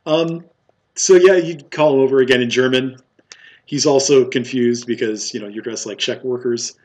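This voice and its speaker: A man's voice: medium pitch, fairly even intonation, normal speed, darkish tone. A man running a tabletop game as game master, narrating with many fillers and frequent laughs.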